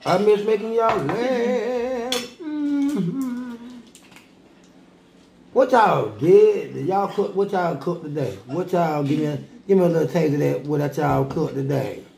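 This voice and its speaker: A man co-hosts a home mukbang with a gravelly, creaky voice. He jokes constantly, laughs and mimics other people's voices. The boomy room carries a faint hiss behind him. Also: lively intonation, slow, mellow. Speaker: co-host. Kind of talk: casual mukbang chat. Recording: echoey room with light noise.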